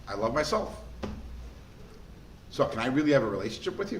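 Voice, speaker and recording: A man, a rabbi, giving a lively class, quizzing students and telling stories in an animated way. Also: mid-range voice, a little fast, pauses often. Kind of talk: lively lecture with questions to students. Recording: echoey room, faint background noise.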